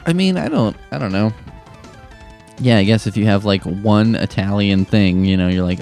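A man's voice: fairly low pitch, normal speed, a little mellow, faint music behind. A young man hosting a comedic advice show, answering letters with sarcastic, profane rants. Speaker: advice-column host.

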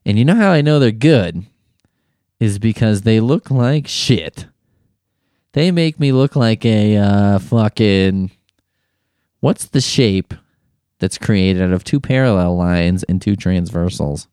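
A man hosts his own podcast with a casual, irreverent comic ramble. His voice sits fairly low but swings widely in pitch as he riffs. The sound is close and dry, with no room echo. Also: expressive, slow pace, darkish tone, smooth. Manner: rambling, irreverent, jokey asides. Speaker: podcast host. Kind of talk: casual comedic monologue. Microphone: studio microphone.

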